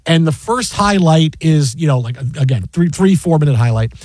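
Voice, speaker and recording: A high-pitched man hosts sports talk radio and tells a story with lively energy, acting out what people said. His voice sounds close and dry from a studio microphone. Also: moderate pace, no room sound. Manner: animated storyteller who acts out quotes and laughs often.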